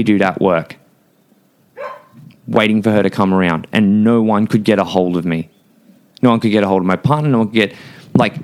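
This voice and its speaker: A man's voice: lowish voice, moderate pace, pauses often. A young man telling a personal story as a podcast guest, casual and blunt, swearing freely and full of filler words.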